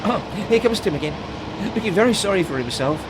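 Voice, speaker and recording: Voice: medium pitch, animated, quick pace, natural voice. A storyteller voicing a cheerful, confident older schoolboy who chats jollily. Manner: jolly, chatty. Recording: hissy home recording.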